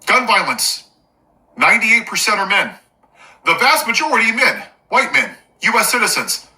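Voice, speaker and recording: A man's voice: sits high, big pitch swings, moderate pace, pushed and bright, rough recording. Sarcastic, fired-up male commentator. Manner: sarcastic, mocking asides; angry, emphatic listing. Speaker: political commentator. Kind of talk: impassioned political rant to camera.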